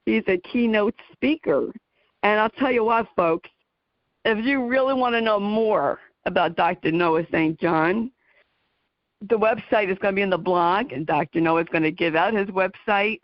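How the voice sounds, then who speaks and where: A woman's voice: medium pitch, moderate pace, no echo. A woman with a New Jersey accent hosting a radio talk show, chatty as she introduces her guest. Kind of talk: radio interview. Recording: dry, dull lo-fi radio audio.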